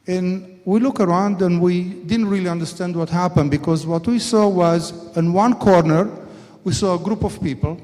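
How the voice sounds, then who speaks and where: Speaking at a summit, an older executive tells anecdotes and performs the quoted dialogue himself, his high voice slightly mellow and his pace moderate. The conference hall lends the recording a long reverb.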